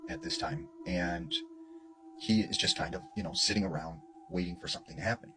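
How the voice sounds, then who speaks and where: A man's voice: deep voice, a little fast, poor audio. A man retelling a story in a casual, conversational way, with lots of "you know" and "like". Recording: music playing underneath.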